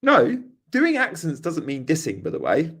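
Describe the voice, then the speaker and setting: Young male streamer, hoarse and playful, very animated delivery reading out chat. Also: fairly high pitch, moderate pace. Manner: reads chat questions aloud, jokey, tries silly regional accents. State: hoarse after a night of drinking. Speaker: host.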